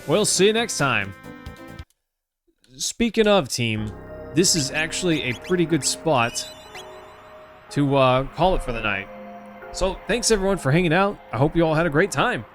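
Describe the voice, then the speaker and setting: A man's voice: on the high side, lively intonation, moderate pace, pauses often, a bit bright. Man streamer, friendly and chatty, talking to his viewers over faint game music. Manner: chatty, addresses viewers as team and buddy. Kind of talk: casual live-stream chat.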